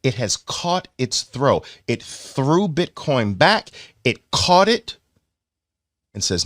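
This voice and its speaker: A man with a New York accent teaching a trading chart lesson, playful and animated, acting out lines for the moving averages. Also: medium pitch, slow, no room sound, clean studio sound. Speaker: trading educator.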